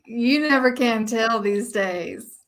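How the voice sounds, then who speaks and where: A woman voicing a lonely, nervous married woman in a live play reading, talking in giggly, hesitant stops and starts. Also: a little high. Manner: giggly, hesitant, halting restarts.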